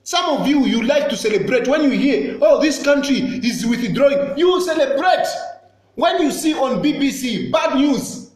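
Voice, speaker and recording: A man's voice: very high voice, animated, moderate pace, very echoey. A Zambian man with a Zambian accent, giving an impassioned, accusatory political address that repeats its points insistently.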